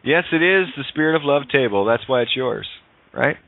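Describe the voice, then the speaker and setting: A man hosting a casual call-in radio show, animated, swearing and laughing often. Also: medium pitch, fairly quick, creaky. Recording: phone-line radio audio.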